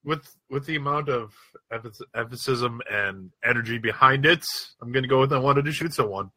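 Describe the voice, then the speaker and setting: A man's voice: medium pitch, a little fast, pushed and bright, dry recording. A man co-hosting a podcast, speaking in a hesitant, casual way. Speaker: podcast co-host. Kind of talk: casual chat.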